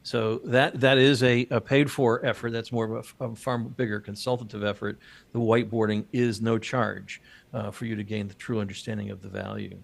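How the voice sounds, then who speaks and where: A man's voice: lowish voice, flat delivery, moderate pace, creaky. A man hosting a business podcast, chatting casually and joking, with many fillers and restarts. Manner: rambling, jokey, many fillers. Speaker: podcast host.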